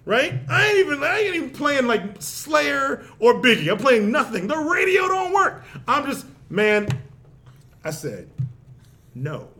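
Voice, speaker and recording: A man with a strikingly high voice that swings widely as he tells stories. He talks in loose, profane podcast chat, building his stories up and breaking into laughter along the way. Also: a little slow, slight background noise. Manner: profane, animated storytelling with frequent laughter. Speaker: podcast host. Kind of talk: casual chat.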